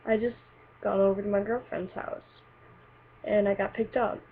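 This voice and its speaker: Husky and flat, her mid-range voice moves at a moderate pace as the teenage girl rambles through a personal story filled with "like" and other fillers. It's recorded on tinny lo-fi webcam audio with a faint hiss.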